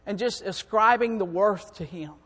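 A very high-voiced man preaches a sermon, sliding from low, quiet talk into fervent, shouting peaks. His voice rings with the long reverb of a church hall. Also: normal speed. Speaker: preacher and song director.

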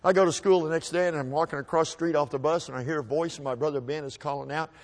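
A man's voice: a little high, steady tone. Folksy man telling a personal story. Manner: folksy, halting, repeats words while restarting. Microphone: microphone.

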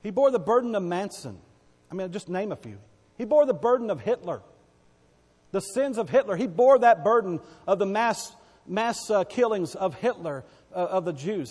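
A man preaching a sermon, emphatic and repetitive, rising to loud cries and dropping to quiet asides. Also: sits high, expressive, moderate pace, breathy edge, in a large hall.

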